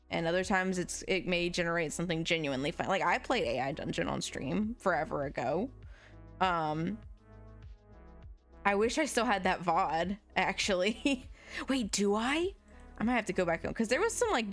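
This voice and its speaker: A woman streamer chatting casually while drawing, rambling and swearing freely, her voice jumping up in pitch now and then. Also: animated, normal speed, a bit bright, soft background music.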